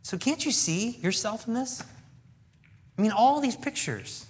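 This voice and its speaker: A male pastor preaching a sermon in an animated way, acting out dialogue from scripture. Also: very high-pitched, measured pace, slightly rough.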